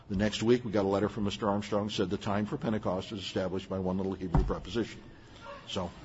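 The recording is muffled, trailing a long hall reverb, as an older man preaches. He is a pastor with a lowish, slightly rough voice, earnest and emphatic, turning now and then to address his listeners plainly.

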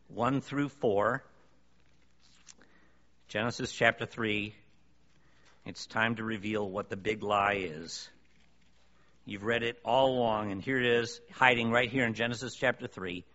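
A man delivers an emphatic sermon full of rhetorical questions to a congregation, his mid-range voice bright and forceful. The recording carries long hall reverb and sounds dull and lo-fi.

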